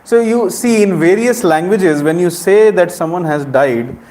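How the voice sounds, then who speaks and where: His voice sits high with a darkish tone and a measured pace, and there's a little hiss or hum. He's a middle-aged spiritual speaker with an Indian accent, directly questioning the audience during an interactive lecture in an echoey temple hall.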